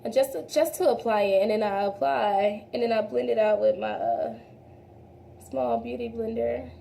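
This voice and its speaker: Doing her makeup on camera, a young woman talks casually to her audience, calling them "y'all" and often trailing off before starting over. She sounds animated at a normal speed, with a medium-pitched, creaky, dark voice. Some light background noise can be heard.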